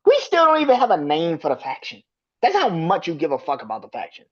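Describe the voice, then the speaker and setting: On a dull lo-fi recording, a podcast host with a fairly high, wildly swooping voice rants quickly about wrestling. He's profane and exasperated, laughing in disbelief.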